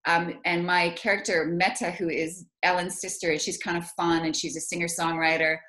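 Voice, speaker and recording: A woman's voice: lowish voice, little pitch movement, a little fast, a bit bright. A woman author asking for help with pronunciation over a video call, chatty and self-deprecating, with frequent hesitations. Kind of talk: casual video call chat.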